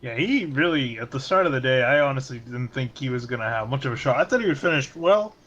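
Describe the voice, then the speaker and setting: A man giving color commentary on an online truck race, measured and matter-of-fact with dry remarks. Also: mid-range voice, animated, fairly bright tone, lo-fi sound. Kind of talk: sim racing color commentary.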